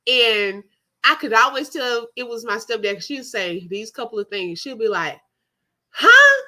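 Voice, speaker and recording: A woman's voice: a little high, normal speed. A woman, hosting a casual live chat and telling a story with frequent laughter. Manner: laughs often, animated storytelling, talks to chat. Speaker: livestream host.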